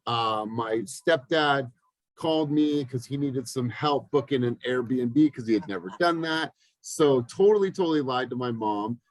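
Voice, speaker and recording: A man's voice: medium pitch, a little slow, no echo, rough recording. A man in his thirties, a business coach leading a group call over video, telling stories with energy and acting out the voices of people in them. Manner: energetic storytelling with lively acted-out quotes.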